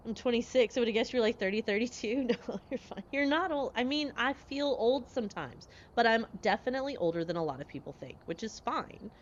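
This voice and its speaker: A woman in her forties chatting casually with her live-stream viewers, lively and quick to laugh as she answers chat. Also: on the high side, highs cut off, a little hiss or hum.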